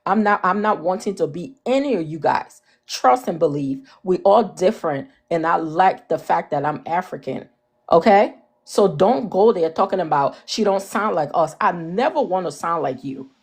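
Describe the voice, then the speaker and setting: A woman in her forties with a Liberian accent talks back with defiant force. She lectures her listeners firmly. Her voice sits a little low. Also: animated, moderate pace, husky. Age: 40s. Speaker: panelist on a live audio discussion. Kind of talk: heated discussion.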